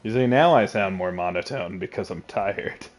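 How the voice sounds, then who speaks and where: A man's voice: low-pitched, normal speed. A man live-streaming a video game from home at a desk mic, talking casually, joking and laughing often. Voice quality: laughs often, jokey and animated.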